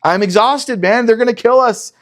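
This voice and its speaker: A man's voice: very high-pitched, normal speed, pitched above the performer's own voice. A preacher voicing a worn-out male Hebrew slave, complaining frantically while he gathers straw in a sermon retelling. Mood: exhausted.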